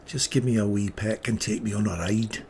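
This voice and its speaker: A cheeky, flirty Scottish lad teases in a lilting sing-song, as a man puts on the accent. The voice sits fairly low and is a bit louder than the man's usual talk, with a faint hum of noise behind it. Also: fairly even intonation, fairly quick, natural voice. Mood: teasing. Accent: put-on Scottish.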